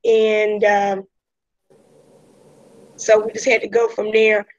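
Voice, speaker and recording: A woman's voice: mid-range voice, completely flat delivery, slow pace, dull audio. A woman teacher talking casually to her class over a video call, taking the roll and introducing herself in a chatty Southern US way. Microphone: video call audio.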